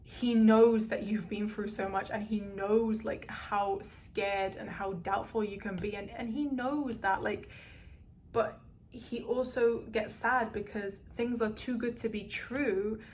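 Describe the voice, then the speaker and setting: A woman's voice: mid-range voice, steady tone, a little slow, darkish tone. A woman giving a pick-a-card tarot reading to her viewers, earnest and emotional, rambling with lots of "um" and "like". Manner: rambling, full of "um" and "like".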